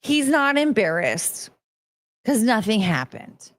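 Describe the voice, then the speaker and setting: A woman's voice: on the high side, big pitch swings, slow pace, no room sound. A young woman hosting a casual commentary stream, rambling and swearing, slipping into mocking voices when she quotes people. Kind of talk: casual rambling livestream chat.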